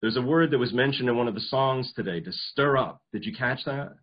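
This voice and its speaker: Husky-voiced male pastor preaching. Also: medium pitch, a little fast, lo-fi sound. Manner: earnest, repeats words as he restarts phrases. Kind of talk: sermon.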